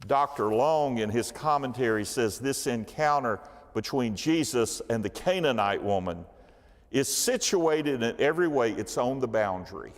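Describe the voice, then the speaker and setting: A man's voice: mid-range voice, expressive, moderate pace, in a large hall. A man teaching a church Bible study class, telling the story with animation and asking the class questions. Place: church hall.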